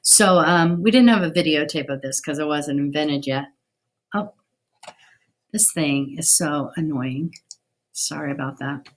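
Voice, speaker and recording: A woman's voice: low voice, measured pace, pauses often. A middle-aged woman giving a casual video history lesson, chatty, with many ums and restarts. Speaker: teacher.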